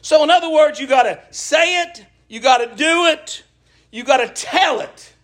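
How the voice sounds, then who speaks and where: A middle-aged man preaching a sermon, folksy and impassioned, calling for the congregation's answers and rising to shouts. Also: very high voice, moderate pace, echoey room. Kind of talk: sermon with call and response. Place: church.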